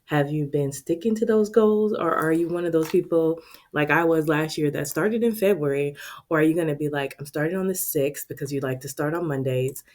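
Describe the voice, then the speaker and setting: A woman, chatting to her viewers in a casual vlog about her budget. Her voice sits low, and she talks in an expressive, friendly way, calling her audience "y'all." She is close to the mic. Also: brisk. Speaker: budgeting vlogger and channel host.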